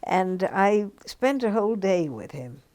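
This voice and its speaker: An older woman telling anecdotes in an oral history interview, lively and given to dropping into hushed asides. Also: medium pitch, unhurried. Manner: anecdotal, lively, drops to a near-whisper on asides. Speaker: interviewee recounting her career as a journalist.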